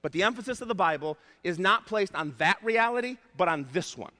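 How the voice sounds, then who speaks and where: A male pastor preaching a sermon, emphatic and repeating his key points, slowing down to stress words. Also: high-pitched, animated, sharp tone. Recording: long hall reverb.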